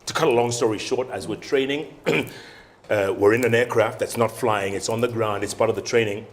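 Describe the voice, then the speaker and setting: Deep-voiced man telling stories. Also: moderate pace. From Kenya. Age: 50s. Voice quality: deep resonant voice. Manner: animated storyteller acting out quoted voices. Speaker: guest anchor and radio host. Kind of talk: casual storytelling interview.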